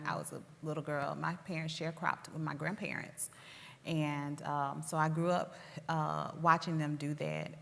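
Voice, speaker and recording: A woman's voice: deep voice, a bit bright. A woman in her forties with a Southern Tennessee accent, speaking earnestly with frequent fillers as an interviewee in a community conversation. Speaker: school district leader interviewee. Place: public library hall. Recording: reverberant hall sound.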